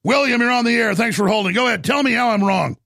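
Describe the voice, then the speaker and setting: A man hosting a radio talk show, ranting and shouting through a heated political monologue in a gravelly voice. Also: extremely high pitch, dry recording, studio quality. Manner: ranting, shouting, rapid-fire.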